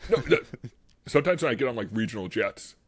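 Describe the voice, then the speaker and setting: A man with a Boston accent, co-hosting a podcast in casual, animated chat and laughing often. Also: medium pitch, fast talker. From Massachusetts. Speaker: podcast co-host.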